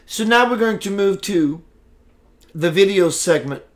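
Male spiritual host, live broadcast, slow and emphatic, slightly high voice. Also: animated.

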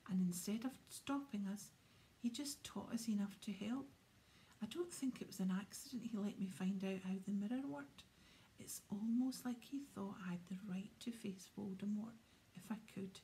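A woman's voice: mid-range voice, normal speed, mellow, slight background noise, close to an everyday voice. A woman voicing an earnest, brave eleven-year-old boy wizard with thoughtful speech in a storybook reading.

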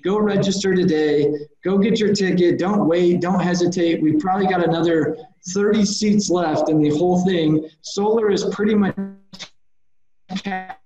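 A man's voice: high-pitched, moderate pace, few pauses, dark tone, lo-fi sound, soft background music. A man hosting a casual podcast, wrapping up with upbeat promotional talk. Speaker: podcast host. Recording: echoey room, mic at a distance.

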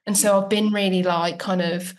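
A woman's voice: medium pitch, little pitch movement, normal speed. A woman talking about her career as a guest on a casual podcast interview, chatty and reflective and full of "like" fillers. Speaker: guest, professional footballer.

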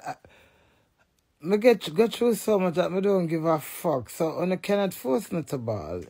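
A middle-aged woman in a blunt, profane, animated casual rant to the camera. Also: on the low side, unhurried, slightly rough.

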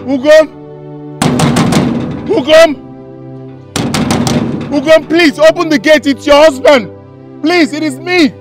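An actor with a Nigerian accent playing a young husband who begs and shouts for his wife to come home. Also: extremely high pitch, slow, long pauses, over loud music. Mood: pleading. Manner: pleading and shouting, repetitive begging.

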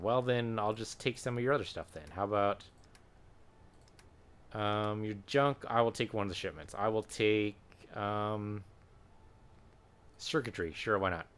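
A man gives a let's-play commentary in a lowish voice. He sounds chatty and wry, thinking aloud and pausing on ums as he shops and sorts gear. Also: a bit bright, clean tone. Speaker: gaming channel host.

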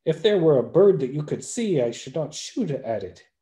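Guy doing a bragging folktale sharpshooter, dark mellow voice. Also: fairly high pitch, sing-song, moderate pace, echoey room, voice pushed up. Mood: boastful. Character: proud marksman who shoots far.

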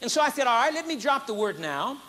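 A man preaching an emphatic, repetitive sermon at a conference, building to high exclamations. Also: very animated, fast talker, pushed and bright. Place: conference hall.

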